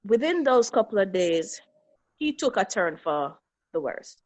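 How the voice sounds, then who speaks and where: Woman, middle-aged, interview guest, earnest, emotional storytelling, mid-range pitch. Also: very animated, a little slow. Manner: earnest, reliving events, voices quoted people. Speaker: guest, bereaved mother.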